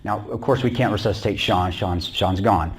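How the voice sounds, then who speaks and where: A man's voice: lowish voice, moderate pace. A man telling a combat story to a church audience in a blunt, plain-spoken way. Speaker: guest speaker recounting combat. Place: small church.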